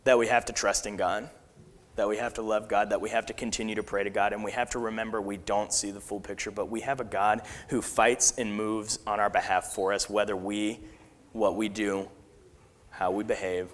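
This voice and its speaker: A man preaching a sermon, telling a personal story in an earnest, halting way with fillers and restarts. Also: fairly low pitch, little pitch movement, big-room sound.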